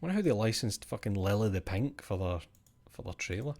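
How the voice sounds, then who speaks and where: A man's voice: on the low side, lively intonation, a little fast, a little mellow. A male streamer chatting casually after a live show, rambling, sweary and self-mocking.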